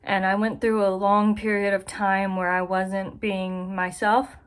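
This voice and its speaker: A woman's voice: medium pitch, level tone, a little slow, clean tone. A young woman in her bedroom giving a casual life update to her camera, chatty, giggly and self-deprecating. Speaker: vlogger. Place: bedroom being moved into. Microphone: camera in front of her.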